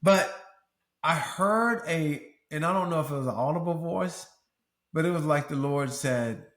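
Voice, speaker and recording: A man's voice: a little high, a little slow, fairly bright tone. Earnest middle-aged man, roomy echo. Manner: earnest, emotional, preacherly swells. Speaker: podcast host and former pro athlete. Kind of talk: candid interview talk.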